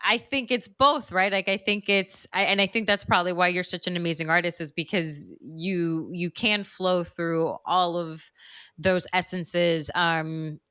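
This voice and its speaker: A woman with a slightly low voice talks in a lively, emphatic way, laughing often as she makes her point. She is heard close and dry, with no room sound. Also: a little slow, smooth, no room sound. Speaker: podcast co-host. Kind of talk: casual chat.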